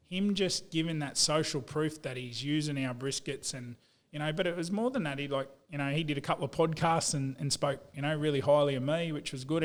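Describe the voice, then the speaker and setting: A man with an Australian accent telling stories in a laid-back, blokey way, full of "mate" and "you know", as a guest on a casual podcast. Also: on the high side. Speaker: business owner.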